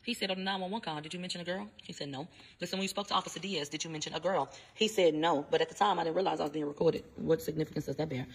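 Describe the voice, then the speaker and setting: A woman's voice: low-pitched, slightly rough, poor audio. A woman giving a casual commentary vlog, speaking bluntly and with a lot of profanity, talking straight to her viewers. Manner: quick, animated retelling of testimony. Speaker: vlogger giving trial updates.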